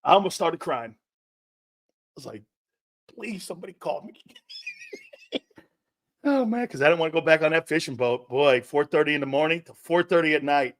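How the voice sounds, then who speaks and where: Brash and foul-mouthed, a middle-aged sports talk host delivers a lively monologue packed with stories and impressions. He speaks briskly in a voice on the high side, with clean studio sound and no echo.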